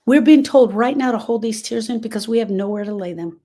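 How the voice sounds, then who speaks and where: A woman's voice: fairly high pitch, brisk, dark tone. A woman hosting a live stream on grief, speaking earnestly and directly to viewers and repeating her key phrases for emphasis. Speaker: grief support host.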